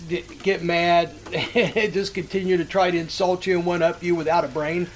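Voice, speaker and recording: A man's voice: high voice, steady tone, normal speed, a little hiss or hum. A middle-aged man hosting a show, rambling through profane stories with laughs. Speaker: podcast host. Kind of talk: casual storytelling.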